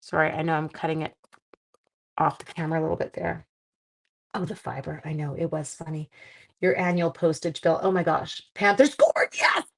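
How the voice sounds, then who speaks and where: A woman's voice: sits low, level tone, fairly quick, gravelly, pauses often. A middle-aged woman hosting a live stream, chatting casually with viewers and reading their comments while she makes cards. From Canada. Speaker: live-stream crafting host.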